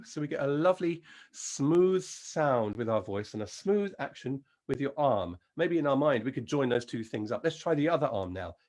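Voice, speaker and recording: A man with an English accent leading an encouraging vocal warm-up lesson as a singing teacher. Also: medium pitch, expressive, moderate pace. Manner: encouraging, demonstrates sounds and sings.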